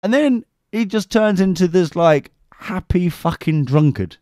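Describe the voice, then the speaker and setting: A young English man co-hosting a podcast, telling a sweary, animated story in a casual chat. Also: high voice, unhurried, no room sound, studio quality. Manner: sweary, animated anecdote with mimicked voices. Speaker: podcast co-host.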